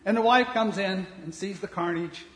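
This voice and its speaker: A male pastor giving a sermon in a blunt, conversational manner, shifting between soft asides and loud emphasis. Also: high-pitched, normal speed. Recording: reverberant hall.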